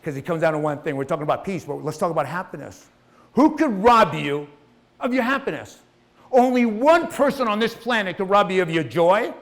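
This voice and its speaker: A middle-aged man giving an impassioned, preachy motivational speech, swinging between hushed and loud and swearing casually. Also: high voice, lively intonation, fairly quick. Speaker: motivational speaker.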